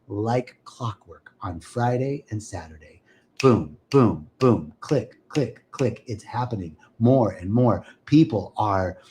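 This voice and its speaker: A man's voice: fairly low pitch, animated, slow, warm tone, slight background noise. Enthusiastic man hosting a spiritual livestream. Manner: enthusiastic, greets viewers by name. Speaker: host of a spiritual live stream. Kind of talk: casual spiritual talk to a live audience.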